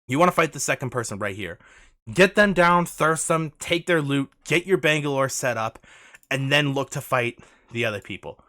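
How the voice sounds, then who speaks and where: A man talks through gameplay footage as a coach, in a bright, forceful voice whose pitch jumps around a lot. He is urgent and insistent, repeating his instructions again and again. The recording is dry and close, with no room sound. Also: expressive, normal speed, no room sound. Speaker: gaming coach.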